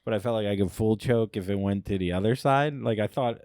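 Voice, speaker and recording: A man co-hosting a casual comedy podcast, telling a story with lively jumps in pitch and swearing. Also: a little fast, no room sound. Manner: animated storytelling, acts out quoted voices. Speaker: podcast co-host.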